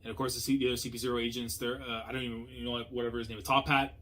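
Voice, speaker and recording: Excitable young man reacting to manga. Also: medium pitch, racing. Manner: excitable, slangy, swings between muttering and loud outbursts. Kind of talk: casual reaction commentary.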